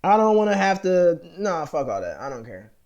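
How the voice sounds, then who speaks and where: Rambling, profane American man, slightly high. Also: very animated, normal speed, a little mellow, muffled recording. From United States. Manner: profane, rambling, heavy with fillers and restarts. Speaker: vlogger. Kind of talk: rambling monologue to camera.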